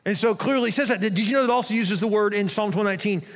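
A man preaching a sermon as pastor, animated and conversational, with quick asides to the congregation. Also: high voice. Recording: long hall reverb.

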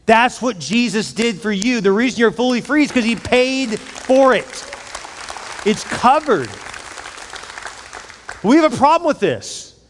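A middle-aged man preaching a sermon as pastor, conversational, acting out little scenes with quoted voices. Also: sits high. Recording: reverberant hall.

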